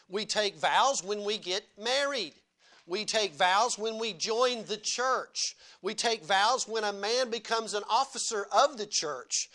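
A man's voice: high-pitched, fairly bright tone. A male pastor delivering a sermon at a church service, earnest, repeating key phrases and asking rhetorical questions.

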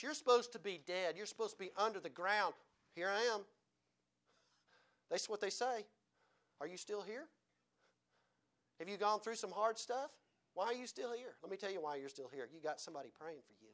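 A male preacher giving a sermon, his pitch and loudness rising and falling widely as he preaches. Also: normal speed, long pauses. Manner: animated preaching, pitch and volume swinging widely.

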